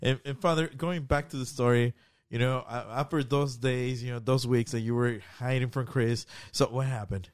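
A man's voice: medium pitch, fairly even intonation, moderate pace, no room sound, clean studio sound. A man interviewing a priest, asking questions and affirming him with short replies.

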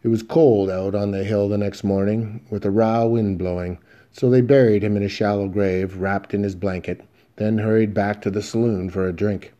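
A male audiobook narrator telling a western in the first person, steady and measured. His voice is low and dark, with a mellow tone. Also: dull audio.

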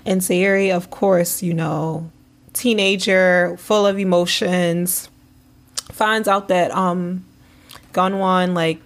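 Relaxed woman podcaster groping for words. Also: on the low side, slow. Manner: relaxed, laughs often, searches for words. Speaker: podcast co-host. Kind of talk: casual chat.

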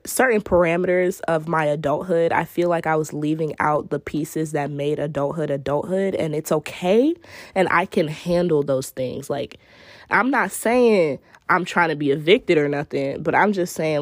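This podcast host has a low-pitched voice, recorded dry with clean studio sound. Hosting a casual show alone, she speaks candidly and reflectively, cursing freely in a drawl full of slang.

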